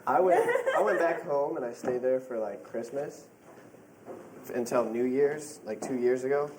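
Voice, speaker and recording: Young dude from iowa rambling through a story, like this, like that, loud hiss around him. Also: male voice, medium pitch, animated, normal speed. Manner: rambling with "like" fillers. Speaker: reality show contestant. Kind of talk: casual storytelling. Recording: noisy room feed.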